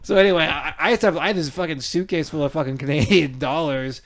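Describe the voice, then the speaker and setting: A man's voice: fairly high pitch, fast talker. A man co-hosting a podcast, rambling and joking in casual chat with frequent laughter. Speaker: podcast co-host.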